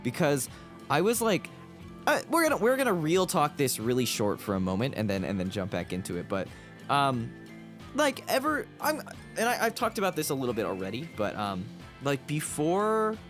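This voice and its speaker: Chatty American guy, lively pitch. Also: a little fast, faint music behind. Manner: rambling, chatty, laughs often, lots of fillers. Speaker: streamer. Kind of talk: casual livestream chat.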